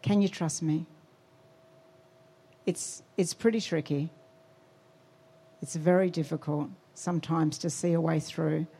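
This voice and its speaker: A woman giving a sermon testimony, telling her story with animated quotes and emphasis. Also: lowish voice, creaky, slightly rough. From Australia.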